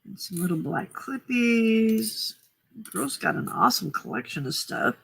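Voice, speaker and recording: A woman's voice: fairly high pitch, animated, unhurried, gravelly, fairly bright tone, slightly rough. A woman hosting a casual late-night crafting livestream, chatty and upbeat, greeting viewers by name. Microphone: desk microphone.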